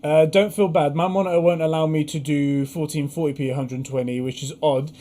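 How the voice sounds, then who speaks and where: A man co-hosting a casual livestream, excitable and quick to swear. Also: a little high. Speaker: co-host.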